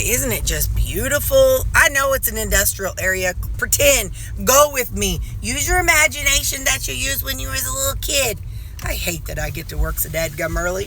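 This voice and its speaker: A woman's voice: mid-range voice, pushed and bright, slight background noise. A middle-aged woman talking straight to her viewers in a loose, rambling vlog. Her speech is folksy and chatty, with jokes tossed in along the way. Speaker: vlogger. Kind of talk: casual chat to viewers.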